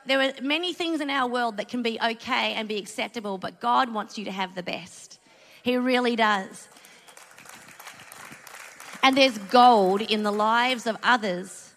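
A middle-aged Australian woman preaches at church, sharing a personal story in a chatty, earnest manner with plenty of asides. Her voice sits on the high side with a slightly bright tone. The recording carries a long hall reverb.

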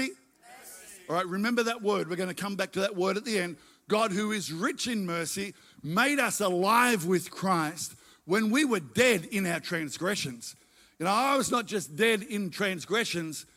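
A man's voice: sits high, fairly bright tone. A middle-aged man preaching a sermon, emphatic and repeating his phrases as he tells his own story. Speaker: pastor.

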